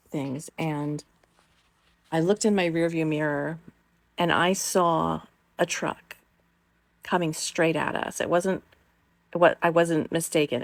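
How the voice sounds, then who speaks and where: A woman's voice: sits low, darkish tone, dry recording. A middle-aged woman telling a personal story in a rambling, casual way, with many fillers and the odd swear word.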